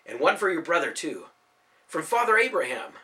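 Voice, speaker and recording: A man voicing a calm, bold young male hero in an audiobook, wry with a villain and kindly toward children. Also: a little high, moderate pace.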